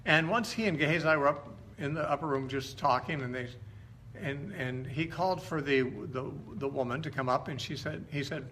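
A middle-aged man retelling Bible stories in an informal teaching style, conversational and halting, often stopping to correct himself. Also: on the high side, sharp tone, a little hiss or hum.

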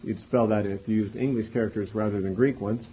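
A man teaching a Bible class in a methodical way, spelling out words and pausing often. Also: fairly low pitch, steady tone, a little hiss or hum. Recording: dull lo-fi recording.

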